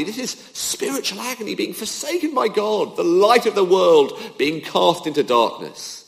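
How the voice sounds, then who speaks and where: Man, sermon, lively rising and falling delivery, slightly high voice, long church echo. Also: moderate pace, gravelly, hardly any pauses. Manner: emphatic, rising and falling for emphasis. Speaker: preacher. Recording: long hall reverb.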